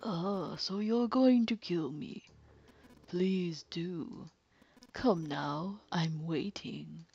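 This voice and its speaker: A woman voicing a calm, sadistic middle-aged male killer, talking slowly in a hushed, mocking, polite way. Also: lowish voice, gravelly, husky, muffled recording, heavily acted. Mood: taunting. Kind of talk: dramatic reading of game text.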